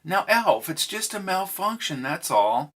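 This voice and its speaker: A man's voice: sits high, very animated, a little slow, pitched above the performer's own voice, heavily acted. A man reading an audiobook, voicing a mysterious young woman from the future with a perky, proper, almost British accent. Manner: perky but proper, guarded. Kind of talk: audiobook character voice.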